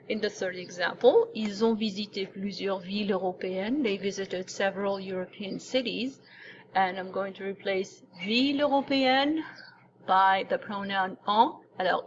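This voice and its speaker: Woman teacher, patient step-by-step grammar explainer, mid pitch, slightly muffled home recording with light noise. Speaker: French teacher. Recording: dull lo-fi recording with faint noise.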